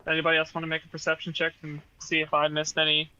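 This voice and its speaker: A man's voice: fairly high pitch, monotone, fast talker, pushed and bright, clean tone, dull audio. A man playing a tabletop game, eager and decisive as he declares his actions. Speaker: player. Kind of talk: casual tabletop play.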